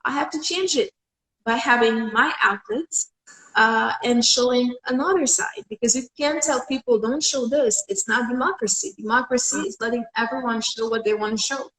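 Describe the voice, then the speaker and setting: A woman's voice: fairly high pitch, moderate pace, a bit bright, roomy sound, poor audio. A young woman from Senegal speaking with conviction as an interview guest, with some fillers. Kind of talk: casual interview talk.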